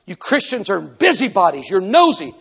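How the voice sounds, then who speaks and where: A man's voice: sits high, lively intonation, a little fast, creaky, husky, muffled recording, heavily acted. A man voicing a hostile male airplane passenger who rants at him with accusations. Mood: angry ranting. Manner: angry accusing rant.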